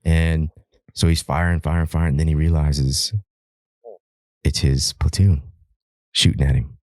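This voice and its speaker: A man from Alaska with an extremely deep, dark and mellow voice tells a long story on a podcast. He rambles, swears freely and keeps restarting his sentences. The recording is dry and close. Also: fairly even intonation, a little slow, no room sound. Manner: rambling, profane, repeats words and restarts often. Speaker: podcast guest, wildland firefighter.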